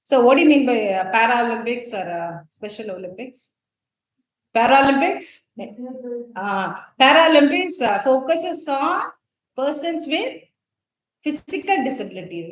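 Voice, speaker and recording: A woman's voice: sits high, reverberant, poor audio. A woman with an Indian English accent teaching a college English class, explaining poetic terms and quizzing students, with frequent fillers. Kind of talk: classroom lecture on a poem.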